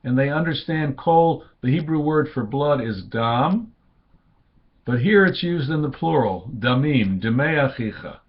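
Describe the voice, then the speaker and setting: A man at a middle pitch gives an unhurried, informal lecture, pausing on fillers and restarting his sentences as he thinks. He quotes Hebrew phrases and lifts his voice to act out the people he quotes. The recording sounds somewhat dull and lo-fi. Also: expressive, breathy edge. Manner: quotes Hebrew and acts out speakers with raised pitch. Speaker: lecturer on rabbinic texts.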